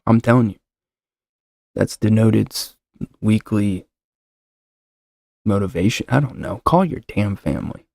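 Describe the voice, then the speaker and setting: Gravelly-voiced man rambling casually. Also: fairly low pitch, unhurried, pauses often, a little mellow, dry recording, clean studio sound. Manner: rambling, joking, talks over himself. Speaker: show host. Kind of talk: casual solo podcast chat. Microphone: desk mic with noise suppressor.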